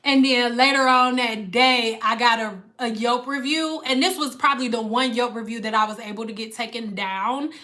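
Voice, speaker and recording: With a voice on the high side and barely any pauses, this woman keeps a moderate pace as she chats on a slangy, casual livestream. An adult hairstylist with a daughter, she's an animated storyteller who acts out each person in her tale.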